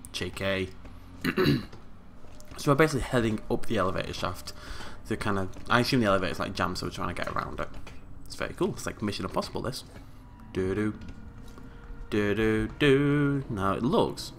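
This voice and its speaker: Playful man, bright voice. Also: lowish voice, sing-song, a little fast, vocal fry, a little hiss or hum. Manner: playful, jokey, hums tunes and makes silly sound effects. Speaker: let's play host. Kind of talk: gameplay commentary.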